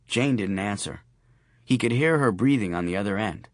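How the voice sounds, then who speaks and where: A man's voice: lowish voice, expressive, moderate pace, no room sound, studio quality. A man reading a darkly comic novel as an audiobook narrator, with wry storytelling. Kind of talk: scripted narration.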